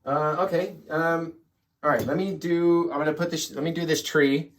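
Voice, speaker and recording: A man's voice: fairly high pitch, fairly even intonation, normal speed. Chatty man teaching painting. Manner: chatty, encouraging, talks to viewers. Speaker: painting instructor. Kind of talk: live painting tutorial.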